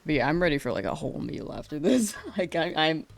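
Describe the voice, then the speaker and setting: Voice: medium pitch, expressive, a little fast, slight background noise. Tired, rambling game streamer. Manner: rambling, self-correcting, laughs often. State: tired after a long stream. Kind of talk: casual live-stream chat. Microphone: close to the mouth.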